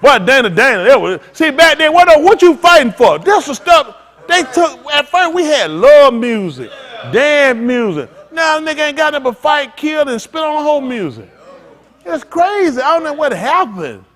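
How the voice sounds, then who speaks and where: Lively high-pitched preaching man. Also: normal speed. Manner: animated, joking, talks to the congregation. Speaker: pastor. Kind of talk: freewheeling preaching with comic asides.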